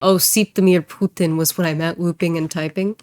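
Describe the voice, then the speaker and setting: A woman streamer and voice actor chatting casually while she plays, rambling and joking and quick to laugh. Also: fairly low pitch, steady tone, darkish tone, no echo. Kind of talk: casual livestream chat while gaming.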